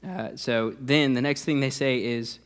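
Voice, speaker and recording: A man's voice: medium pitch, fairly even intonation, a little slow. A man who is a youth pastor, preaching a sermon in a conversational way, with frequent "uh" fillers and restarts.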